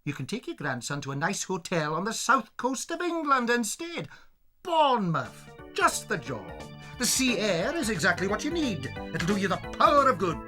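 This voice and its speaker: A woman's voice: mid-range voice, very animated, moderate pace, music in the background, natural voice. A woman playing a firm, matter-of-fact doctor who lays down the rules. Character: firm, brisk family doctor. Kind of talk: radio drama acting.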